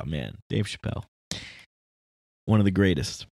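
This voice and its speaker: Male, reflective monologue, digressive and emphatic, deep-ish, dry recording. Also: normal speed, dry recording. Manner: rambling, philosophical, emphatic.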